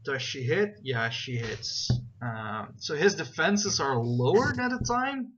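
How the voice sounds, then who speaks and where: A man's voice: on the high side, big pitch swings, slow pace. A man narrating as game master, rambling with many fillers and checking rules aloud as he goes. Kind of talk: narrating a tabletop game over voice chat. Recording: dull, lo-fi voice chat with faint noise.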